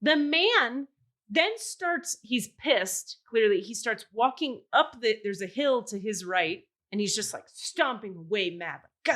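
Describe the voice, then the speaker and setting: Animated woman telling a story. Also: mid-range voice, measured pace. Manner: animated, swearing, acting out quoted voices. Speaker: podcast host. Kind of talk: casual storytelling chat.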